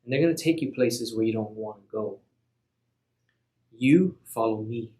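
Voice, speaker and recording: A man voicing Jesus as a gentle, calm grown man who talks in casual, modern words. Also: fairly low pitch, normal speed, close to an everyday voice. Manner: casual, modern everyday wording.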